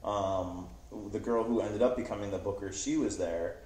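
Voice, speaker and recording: A man's voice: lowish voice, moderate pace, a little mellow. A man, a guest comedian, telling a rambling, self-deprecating story in casual podcast chat. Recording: roomy podcast room.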